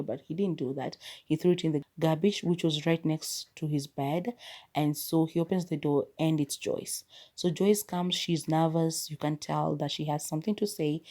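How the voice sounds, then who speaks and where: A woman's voice: low voice, dark tone. A young woman, hosting a podcast and chatting expressively through a casual movie review. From Kenya. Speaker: podcast host.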